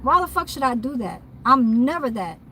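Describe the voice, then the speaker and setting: A woman's voice: sits high, very animated, normal speed, pushed and bright, slight background noise, poor audio. A woman who works as a mobile nail tech, ranting bluntly and profanely in a casual vlog from her parked car.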